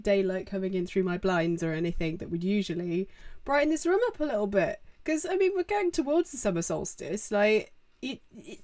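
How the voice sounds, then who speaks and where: A young woman hosting a casual live-stream Q&A from a room at home, chatting with viewers and using many fillers. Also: on the high side.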